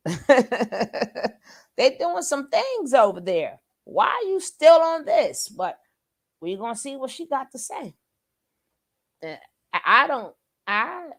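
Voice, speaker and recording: A woman's voice: fairly high pitch, vocal fry. A woman hosting a casual reaction commentary, chatty and scoffing, full of rhetorical questions. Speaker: commentary channel host.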